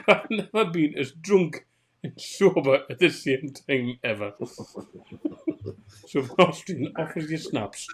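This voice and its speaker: A man with a Geordie accent, co-hosting a podcast and telling a funny anecdote in a lively, laughing way. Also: a little high, unhurried, long pauses, husky. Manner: animated anecdote teller, laughs through the story. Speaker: podcast co-host. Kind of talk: casual chat, storytelling.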